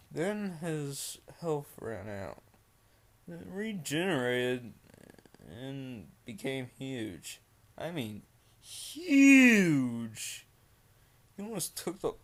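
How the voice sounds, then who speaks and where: A young man reading a creepypasta aloud, breaking off into rambling, mocking asides full of fillers. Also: medium pitch. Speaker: creepypasta reader.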